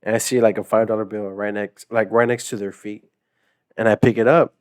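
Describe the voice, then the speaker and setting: Young male podcast guest, lowish voice, rambling, filler-heavy storyteller, dry close sound. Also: flat delivery, brisk, a little mellow, smooth, dry recording. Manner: rambling storyteller, many fillers, laughing often. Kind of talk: casual chat.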